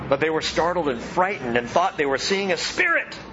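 A man preaching a sermon, animated, swinging from loud emphatic lines to soft hushed ones. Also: a little high, a little fast, dull audio, slight background noise. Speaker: pastor.

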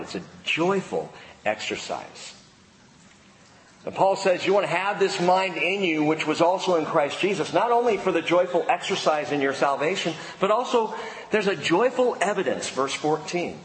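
A man preaching a sermon to a congregation, lively, stretching out key words for emphasis. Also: medium pitch, a little hiss or hum. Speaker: pastor. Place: church sanctuary. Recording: long hall reverb, faint ambience.

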